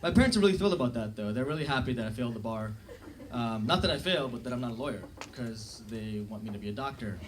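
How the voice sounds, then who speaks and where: Fast and animated, with hardly any pauses, a young man's mid-range voice runs through a self-deprecating club set. He talks casually into a handheld mic, full of fillers and asides. The live recording has loud audience laughter and a little hiss or hum.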